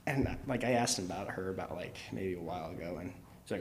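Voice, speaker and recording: A man's voice: low voice, sing-song, fast talker, a little hiss or hum. A young man co-hosting a podcast, telling a long story in a casual, rambling way, full of fillers and laughs. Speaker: podcast co-host.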